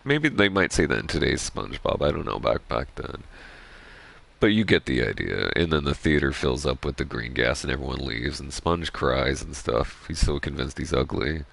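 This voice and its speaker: Very deep, gravelly rambling gamer. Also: male voice, normal speed. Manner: rambling, excitable, swears freely. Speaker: gaming streamer. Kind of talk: casual gameplay commentary.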